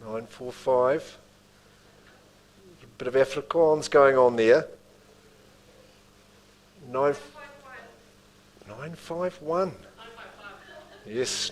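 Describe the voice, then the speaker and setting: A man's voice: a little high, poor audio. A man with a New Zealand accent calling bids at a live property auction, with rhythmic bid calls and chatty asides to the room.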